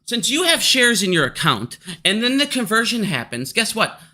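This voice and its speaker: A man's voice: sits high, big pitch swings, moderate pace, pushed and bright. A man ranting angrily about stocks in a vlog, swearing constantly and arguing hard with his critics. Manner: profane, heated and combative. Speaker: stock market commentator.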